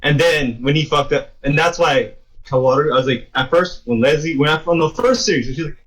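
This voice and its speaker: A man co-hosting a podcast chats casually, swearing heavily and acting out the quotes as he retells his stories with animation. His voice is a little high and a little quick, and the recording quality is poor.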